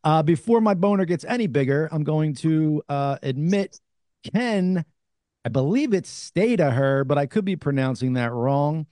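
A man's voice: on the high side, lively intonation, normal speed, mellow, no echo, clean studio sound. A man with a New Jersey accent hosting a casual interview, enthusiastic and cursing freely. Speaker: podcast host.

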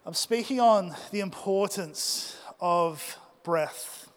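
A man's voice: high voice, slow pace. A young man preaching, telling a personal story and asking his congregation questions. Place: church hall. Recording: long hall reverb.

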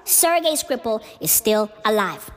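A woman hosting a comedic podcast, ranting in slangy, profane, excitable talk. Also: on the high side, unhurried. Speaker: podcast host.

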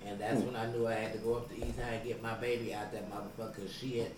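A speaker on a podcast adding quick, low-key asides in casual chat. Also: little pitch movement, a little mellow, reverberant.

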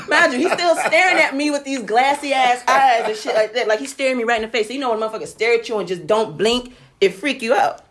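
A woman's voice: on the high side, quick pace. A young woman who works the night desk at a hotel, telling a story in casual, profane chat and acting out quotes with bursts of laughter. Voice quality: profane, animated retelling with acted quotes and laughter. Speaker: night-shift hotel front desk worker.

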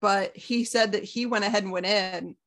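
A woman joining a casual chat, adding her own side of a workplace story with clear amusement. Her voice has a gravelly, fry-laden edge. Her pitch sits in a middle range. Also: steady tone, moderate pace, a bit bright. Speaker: theater coworker.

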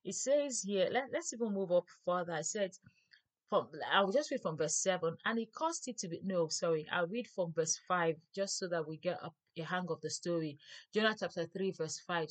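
A woman's voice: on the low side, moderate pace. A woman leading a Bible study, reading scripture aloud and explaining it plainly, sometimes correcting herself as she goes.

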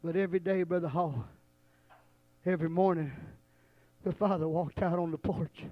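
A male preacher, telling a story in a sermon and building from low storytelling to shouted, drawn-out, repeated lines. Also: fairly even intonation, no room sound, dull audio.

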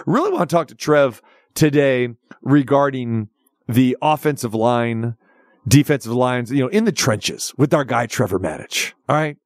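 A man's voice: medium pitch, no echo, studio quality. A man hosting a sports radio show, talking in a casual, jokey, rambling way. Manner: jokey, rambling, switches dialects playfully.

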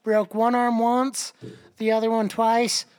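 A man's voice: very high-pitched, level tone, takes it slowly, a little mellow, clean tone. A man who rides rodeo, a guest on a podcast, listing his injuries in a matter-of-fact, wry way. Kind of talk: casual podcast chat.

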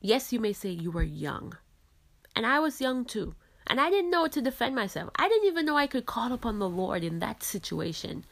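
A woman's voice: a little high, sing-song, moderate pace, creaky, fairly bright tone. Earnest woman host from the islands. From Caribbean islands. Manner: earnest, reflective, frequent "you know". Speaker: podcast host. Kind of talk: faith-based podcast talk.

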